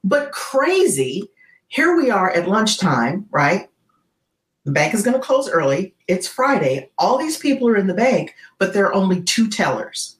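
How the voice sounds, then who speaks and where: A woman tells a story in a podcast interview, her pitch swinging widely as she gets caught up in it. She keeps checking in with a quick "right?". The recording has a roomy echo. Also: big pitch swings. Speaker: guest, keynote speaker.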